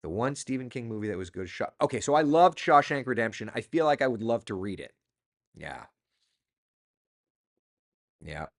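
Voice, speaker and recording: Chatty man with a lively pitch. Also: normal speed, pauses often. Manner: chatty, reads viewer comments aloud. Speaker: host. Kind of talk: casual live-stream chat.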